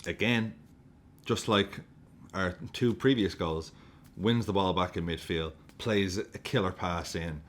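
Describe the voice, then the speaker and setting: A man reviewing a football match, excitable and sweary, often breaking into laughter as he gushes. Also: low-pitched, measured pace, a little hiss or hum. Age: adult with a young daughter. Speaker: football fan vlogger.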